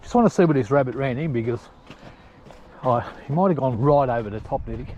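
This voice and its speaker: Working dogs and ferrets up a hillside, a ferreter filming his hunt chats fast and animatedly at medium pitch, shouting calls to the animals while sweaty from the climbing. The recording is muffled, with a little hiss or hum.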